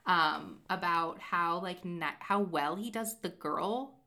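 Young female podcast co-host, chatty book talk, slightly low and bright. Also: slow pace. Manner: chatty, animated storytelling with many fillers. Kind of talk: casual chat about books.

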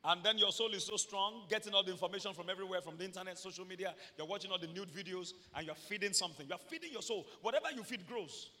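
A Nigerian man preaching a sermon as pastor, animated, shouting at peaks and slipping in humorous stories. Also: sits high, fast talker, few pauses, big-room sound.

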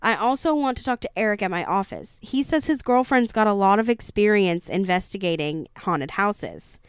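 A woman's voice: mid-range voice, animated, normal speed, clear, resonant tone, no echo, clean studio sound, lightly acted. A woman voicing a determined, tired husband and father who talks in a firm, practical way during a horror book reading.

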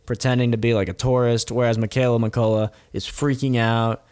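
A man recaps a documentary in a loose, conversational way, with swearing and laughter running through his telling. His voice sits at an ordinary middle pitch, and he moves between quick asides and slower, emphatic beats. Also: clean tone. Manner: profane, laughing, animated retelling. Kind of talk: casual storytelling commentary.

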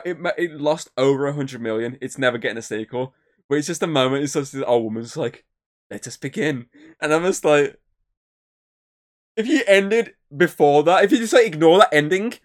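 A man co-hosting a podcast, chatting casually, rambling with lots of filler words and swearing. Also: fairly high pitch. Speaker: podcast co-host. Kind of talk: casual chat.

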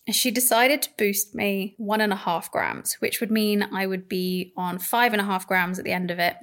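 A woman's voice: mid-range voice, steady tone, normal speed, a bit bright. Woman podcast host, candid and chatty, recounting her own experience. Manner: candid, chatty, laughs as she speaks. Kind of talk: personal storytelling.

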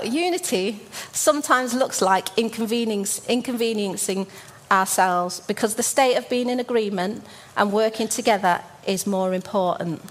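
A woman in her forties from Birmingham, giving a church sermon as a story, with frequent ums and restarts. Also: mid-range voice. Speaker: church speaker.

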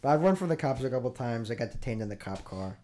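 A young man chatting casually on a podcast, reacting fast and laughing easily. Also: medium pitch, lively intonation, mellow. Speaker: podcast co-host. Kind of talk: casual chat.

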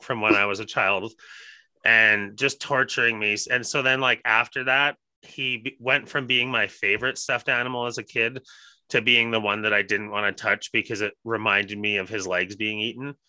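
Young male co-host, very bright tone, dry sound, wry storyteller who swears casually. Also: lowish voice, fairly even intonation, normal speed, no echo, rough recording. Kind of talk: casual chat.

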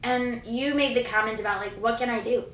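A woman co-hosting a podcast with her husband, talking earnestly and reflectively in casual chat, quick to laugh. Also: on the high side, fairly bright tone, far from the mic. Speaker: podcast co-host. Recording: roomy echo from off-mic, faint noise.

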